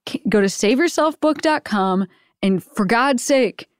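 A woman hosting a podcast, chatting casually and mock-yelling in playful asides while she is feeling unwell. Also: fairly high pitch, expressive, normal speed, no room sound, studio quality. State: unwell and sweaty from a stomach bug. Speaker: podcast host. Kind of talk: casual chat.

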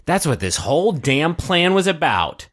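A man's voice: fairly high pitch, very animated, measured pace, fairly bright tone, husky, no echo, clean studio sound. A man co-hosting a podcast, riffing and joking in a goofy, casual chat. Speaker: podcast co-host.

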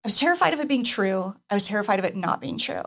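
A woman's voice: mid-range voice, lively intonation, very fast, creaky, a bit bright. A woman guest on a podcast, speaking reflectively and earnestly about her past, with light laughs. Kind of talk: casual interview chat.

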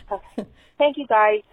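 Brief: high, swooping woman caller, exasperated and swearing, tinny dry phone line. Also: fairly bright tone, no echo. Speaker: caller leaving a voicemail. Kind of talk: voicemail rant.

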